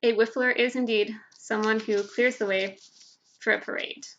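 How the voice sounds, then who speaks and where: A woman's voice: a little high, steady tone, normal speed, fairly bright tone, slight background noise. A woman hosting a live game show from home, chatty and giggly as she tells stories. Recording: dull lo-fi livestream audio.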